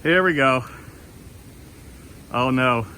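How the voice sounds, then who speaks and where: A man from Louisiana filming a casual vlog outdoors in the snow on a handheld phone, excited and laughing often. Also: mid-range voice, very slow, slight background noise, low-quality recording. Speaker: vlogger. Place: outdoors in a snowy yard. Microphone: handheld phone camera.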